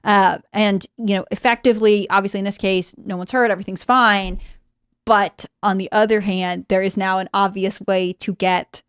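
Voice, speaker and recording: A woman commenting on politics on a panel show, explaining her points in a measured way and checking in with "right?". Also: medium pitch, steady tone, fairly bright tone, smooth, no echo, studio quality. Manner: measured, explains with tag questions. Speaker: guest commentator.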